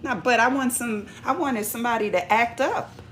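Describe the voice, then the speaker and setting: A woman's voice: on the high side, moderate pace, slight background noise. A woman talking casually to her audience as a relationship coach, sassy and conversational. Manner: animated, acts out quoted arguments. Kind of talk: casual talk to camera.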